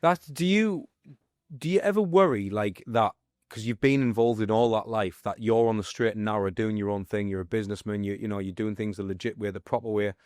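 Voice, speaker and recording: A man's voice: on the low side, fairly quick, a little mellow, dry recording, clean studio sound. A man hosting a podcast, asking questions in a hesitant way that repeats words. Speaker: podcast host. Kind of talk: interview questions.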